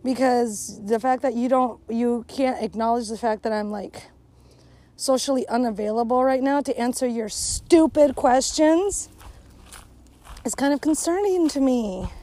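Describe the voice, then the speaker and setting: A woman's voice: a little high, unhurried, mellow, rough recording. A woman delivering a blunt, sarcastic, profanity-heavy casual rant while out on a hike by a lake. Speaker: vlogger. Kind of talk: casual ranting monologue.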